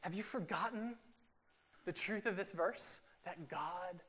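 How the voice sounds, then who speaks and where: Man preaching, loud then hushed. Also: sits high, husky. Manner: swings between loud emphatic lines and quiet, drawn-out passages; acts out quoted everyday talk for illustration. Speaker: pastor. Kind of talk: sermon. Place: church room with a congregation.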